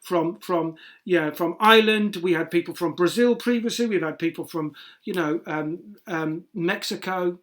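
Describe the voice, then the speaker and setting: A man hosting an online show, talking casually and warmly welcoming the audience. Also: high-pitched, normal speed. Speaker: host.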